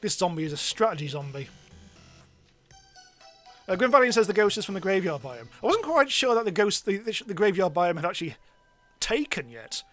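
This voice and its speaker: A man narrates his gameplay live in a loose, chatty way, mocking himself and breaking into excited yelps. His voice sits a little high for a man. Soft game music plays faintly behind him. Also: brisk. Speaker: game streamer. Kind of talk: live let's-play commentary.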